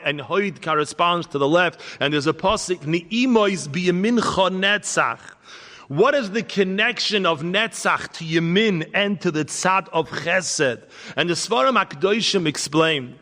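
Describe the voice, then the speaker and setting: A rabbi giving a Torah lecture, telling parables and weaving in Hebrew terms. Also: male voice, high voice, bright, forceful tone, big-room sound. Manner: storytelling, teaching with parables, Hebrew terms woven in.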